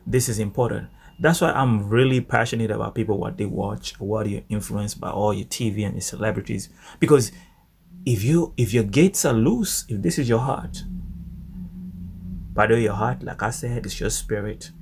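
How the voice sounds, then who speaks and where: A man teaching a devotional Bible study in an animated way, repeating phrases for emphasis. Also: fairly low pitch, normal speed, creaky, slight background noise.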